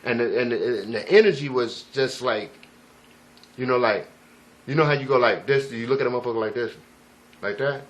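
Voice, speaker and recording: A man's voice: mid-range voice, fairly quick, long pauses. Rambling, profane man telling a story. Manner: rambling, profane, emphatic, frequent "you know what I'm saying". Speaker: vlogger. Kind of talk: casual first-person storytelling.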